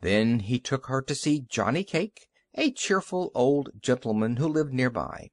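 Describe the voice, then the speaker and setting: Expressive male storybook narrator. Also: medium pitch, unhurried, no echo, studio quality. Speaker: audiobook narrator. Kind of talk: children's audiobook narration.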